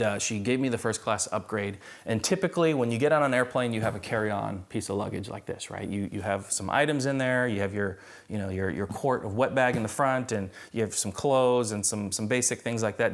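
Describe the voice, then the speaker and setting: Lebhafter Prediger, Mann, Gemeindegottesdienst. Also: male voice, lowish voice, a little fast, hardly any pauses. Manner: conversational, animated preaching with humor. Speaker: pastor. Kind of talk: sermon.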